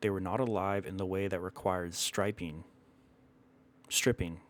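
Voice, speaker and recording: A man telling an old myth in a measured, dramatic way, stopping now and then to correct himself. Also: sits low, fairly even intonation. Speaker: storyteller. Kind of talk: storytelling narration of a myth.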